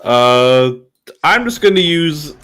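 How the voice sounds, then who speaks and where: A man's voice: on the high side, big pitch swings, slow, a bit bright, clear, resonant tone. A young man playing in a tabletop game, talking hesitantly and laughing at himself. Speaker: player. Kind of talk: casual tabletop game chat.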